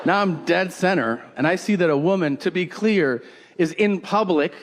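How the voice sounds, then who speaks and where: A man's voice: sits high, normal speed, heavy background noise. A man doing stand-up, telling an odd story in a chatty way and talking to the crowd. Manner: animated, conversational with the crowd. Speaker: stand-up comedian.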